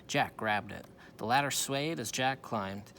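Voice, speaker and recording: A man's voice: mid-range voice, measured pace, vocal fry, a bit bright, slight background noise. A man reading a children's storybook aloud, with small slips he corrects as he goes. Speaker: reader.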